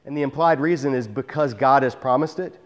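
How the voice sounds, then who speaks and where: Male preacher, mid pitch, casual verse-by-verse sermon with dry humor, long hall reverb. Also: fairly quick. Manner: conversational, wry asides. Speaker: pastor. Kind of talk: expository Bible teaching. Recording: long reverb of a large room.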